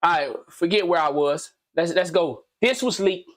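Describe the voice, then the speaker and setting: Animated man ranting in slang. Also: on the high side, normal speed. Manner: animated, slangy, repeats himself, asks pointed questions. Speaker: commentary channel host. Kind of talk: casual ranting commentary.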